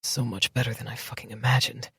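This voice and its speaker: A woman narrator voicing a grounded, gruff blue-collar man in an audiobook, with a low-key, steady, reassuring manner. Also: fast, no room sound, studio quality, full character voice. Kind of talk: audiobook dialogue.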